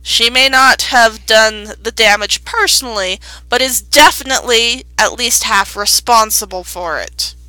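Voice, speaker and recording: A young adult woman runs a tabletop game, her delivery slow, bright and slightly raised in pitch. She describes scenes in a playful, drawn-out way. The recording is dry and close. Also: no echo. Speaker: game master.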